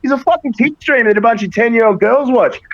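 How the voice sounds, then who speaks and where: A man's voice: very high-pitched, quick pace, dull audio. A man ranting profanely and heatedly in a casual podcast chat. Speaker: wrestler guest.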